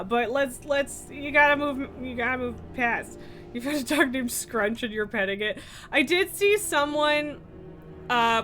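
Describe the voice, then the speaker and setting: A woman with a fairly high, bright and forceful voice streams a game live, chatting casually as she comments on the gameplay. She laughs often and swears freely.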